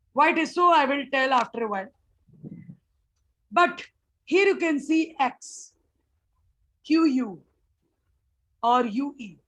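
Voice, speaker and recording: A woman, teaching a phonics workshop, explaining slowly and repeating sounds. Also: fairly high pitch, fairly bright tone, low-quality recording. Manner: slow, repetitive explaining with drawn-out sounds. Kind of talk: online phonics class for teachers.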